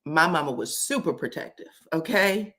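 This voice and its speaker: A woman's voice: deep voice, normal speed. A woman chatting casually on a live stream, telling family stories with frequent laughs and acting out quoted lines in a raised voice. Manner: animated, laughs often, acts out quotes in a raised voice.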